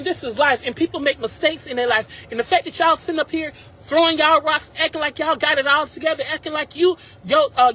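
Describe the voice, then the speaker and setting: A man's voice: extremely high pitch, bright, forceful tone, low-quality recording. A man vlogging from his car, upset and ranting emphatically to his viewers, repeating himself and addressing them directly on a phone mic. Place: in a car at a drive-thru.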